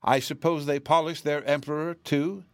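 A man's voice: a little high, steady tone, moderate pace, no room sound, clean studio sound, voice pushed up, natural voice. A man voicing a middle-aged farm aunt in a storybook reading, asking questions in an uneasy, wondering way.

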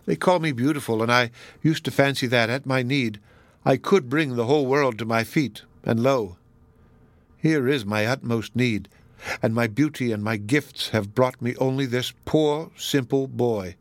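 A man reading a storybook who voices a troubled young woman, speaking low and intensely. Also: moderate pace, no echo, natural voice. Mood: brooding.

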